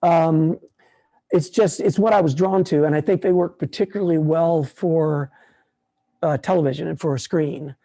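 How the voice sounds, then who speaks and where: Mellow-voiced older man, rambling talk. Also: fairly high pitch, moderate pace. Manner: relaxed, rambling, many restarts. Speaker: puppeteer speaking at a conference. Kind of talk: casual talk and Q&A.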